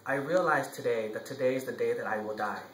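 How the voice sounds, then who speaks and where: A man voicing a calm, forgiving male goat in a spoken story, in a gentle storytelling voice. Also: medium pitch, quick pace, roomy sound, slight background noise, close to an everyday voice, low-quality recording.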